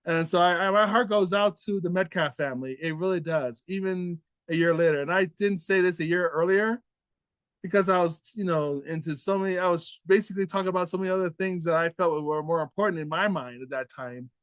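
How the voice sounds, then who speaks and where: A man's voice: high-pitched, brisk, fairly bright tone, dry recording. A man hosting an opinion commentary show, talking in an earnest, indignant way with many repeats and restarts. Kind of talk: opinion commentary, casual monologue.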